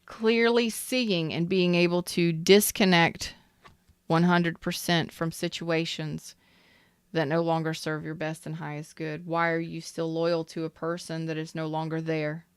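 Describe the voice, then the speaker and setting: A woman's voice: low-pitched, level tone, unhurried, smooth, dry recording. A woman doing a casual tarot reading, talking straight to her viewers with emphatic repetition. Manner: emphatic, repeats herself, talks straight to viewers. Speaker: tarot reader.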